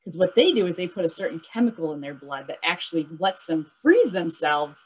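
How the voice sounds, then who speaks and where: A lively young woman leads a webinar lesson for children, talking over a video call. Her voice sits a little low and has a husky edge. She keeps checking in with the kids, asking them questions and tagging "right?" onto her points. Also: brisk, poor audio. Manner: upbeat, asks kids questions, says "right?" often. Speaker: nature educator.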